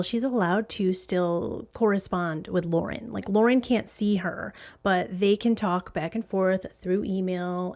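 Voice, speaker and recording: A woman's voice: medium pitch, a little mellow. Brief: middle-aged woman host, casual true-crime storytelling, blunt and outspoken. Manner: blunt, indignant, swears freely. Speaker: podcast host.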